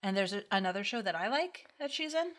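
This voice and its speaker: Giggly podcast cohost woman, bright voice, rambles w lots of likes. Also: mid-range voice, expressive, fast talker. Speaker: podcast co-host. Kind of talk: casual chat.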